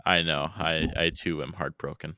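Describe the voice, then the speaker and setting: Casting: young Midwestern man, very low yet bright voice, dry teasing co-host. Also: fairly even intonation, moderate pace, no echo. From American Midwest. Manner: laughs often, dry and teasing. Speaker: podcast co-host. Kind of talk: casual chat.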